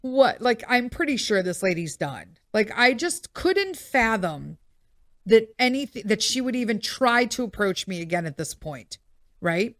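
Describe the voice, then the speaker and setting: A middle-aged woman hosting a podcast, telling a story in a blunt, swearing, animated way. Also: fairly high pitch, measured pace, dry recording, studio quality. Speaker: podcast host. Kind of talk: casual storytelling monologue.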